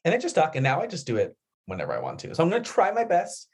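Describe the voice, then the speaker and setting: A man co-hosting a podcast from the United States, chatting casually in a rambling, animated way. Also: fairly high pitch, rapid-fire, breathy edge. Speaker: podcast co-host. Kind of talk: casual chat.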